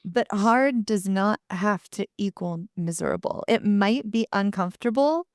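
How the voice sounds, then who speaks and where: A woman co-hosting a podcast in casual, animated chat, speaking bluntly and swearing freely. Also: mid-range voice, measured pace, no echo, studio quality. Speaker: podcast co-host.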